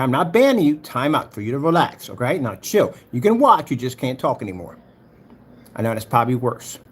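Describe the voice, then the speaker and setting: A man hosting a livestream, ranting in a heated, mocking way and talking straight to his chat. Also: mid-range voice. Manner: heated, mocking, repetitive, talks to chat directly. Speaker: livestream host.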